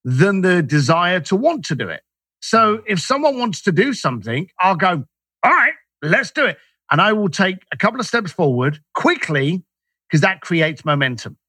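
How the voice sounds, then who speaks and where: A man's voice: sits high, very animated, normal speed, a bit bright, husky, dry recording. A man, a guest in an interview, telling stories animatedly and acting out the dialogue he quotes. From Irish, raised in East London. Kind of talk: storytelling interview talk.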